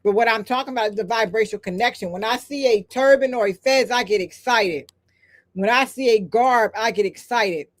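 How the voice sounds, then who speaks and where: An older woman hosts a live stream and reads chat comments, her fairly high voice moving at a brisk pace. She speaks with an emphatic, repetitive cadence like a preacher, breaking off for chatty asides.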